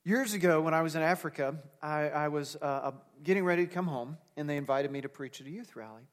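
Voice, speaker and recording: A man delivers a sermon in an earnest, conversational tone, loosening his points with fillers along the way. His voice sits high for a man. The sound carries the long reverb of a large church hall. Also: fast talker. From United States. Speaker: pastor.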